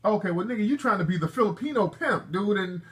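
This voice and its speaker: A man's voice: high-pitched, expressive, fast talker, fairly bright tone. Brash joking talk-show host, man. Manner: brash, joking, street slang, lecturing callers. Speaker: show host taking calls. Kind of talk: call-in talk show banter.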